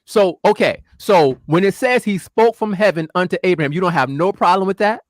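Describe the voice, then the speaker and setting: A man, challenging and pressing with questions, slowing down to stress key words. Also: high-pitched, no room sound, clean studio sound. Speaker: discussion participant. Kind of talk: heated casual debate.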